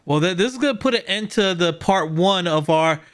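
A man's voice: sits high, lively intonation, brisk, fairly bright tone. A man hosting a casual podcast, upbeat and encouraging as he gives advice and signs off the episode. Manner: upbeat, encouraging, laughs along. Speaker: podcast host. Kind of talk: casual podcast chat and sign-off.

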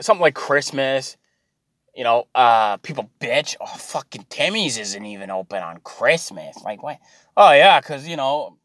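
A man's voice: on the high side, a bit bright, no echo, clean studio sound. A man, ranting and swearing in a mocking, exasperated monologue to his viewers.

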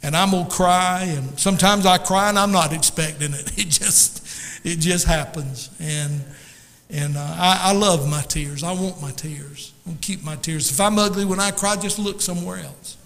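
Male Pentecostal pastor, high and bright, emotional and emphatic, booming through a reverberant sanctuary. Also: normal speed, vocal fry. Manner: emotional, emphatic, chatty asides to the congregation. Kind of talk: Pentecostal sermon. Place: church sanctuary. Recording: long reverb of a church hall.

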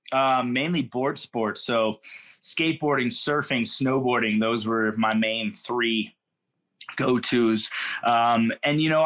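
A middle-aged Californian man, a guest on a podcast, tells stories in a laid-back, slangy, rambling interview style. His voice is medium-pitched with a fairly bright tone.

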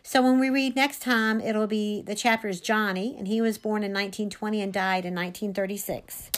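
A woman's voice: medium pitch, fairly even intonation, brisk. A woman, a teacher reading a novel aloud to a class, reading expressively and dramatically with small slips.

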